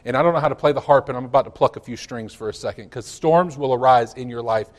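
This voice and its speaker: A hoarse pastor preaching a sermon, a man who swings from loud declarations to low asides. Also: quick pace. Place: church sanctuary.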